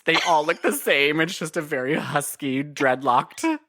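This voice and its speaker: A woman co-hosting a comedy podcast, retelling a movie's plot in an expressive, swear-heavy, storytelling way. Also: sits low, measured pace, dry recording, studio quality. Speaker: podcast co-host. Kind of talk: casual comedic movie recap.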